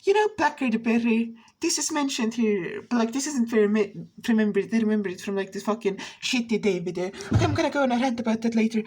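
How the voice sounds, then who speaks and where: Brief: higher-pitched woman with a husky edge, rambling and profane casual rant. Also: fast, few pauses, darkish tone. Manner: rambling, profane, frequent restarts. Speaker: vlogger. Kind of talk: casual ranting commentary.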